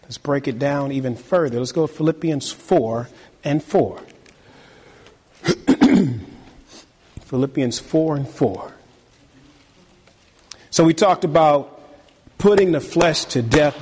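A male pastor preaching a sermon to his congregation, animated and repetitive, leaning hard on key words. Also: fairly high pitch, slow pace, pauses often, slightly rough, big-room sound. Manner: animated preaching, repeats phrases, talks to the congregation. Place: church sanctuary.

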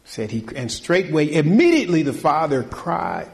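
A man's voice: very animated, moderate pace, creaky. Preaching man. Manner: swings from loud, high preaching to quiet, low talk; folksy, conversational preaching with call-and-response. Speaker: pastor. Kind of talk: sermon.

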